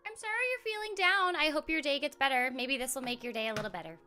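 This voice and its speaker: Very bright, high, bubbly woman streamer. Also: animated, brisk, hardly any pauses, smooth, soft background music. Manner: bubbly and chatty, scatting filler sounds; giggly, rambling with restarts. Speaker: game streamer and voice actor. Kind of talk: casual live-stream chat with viewers.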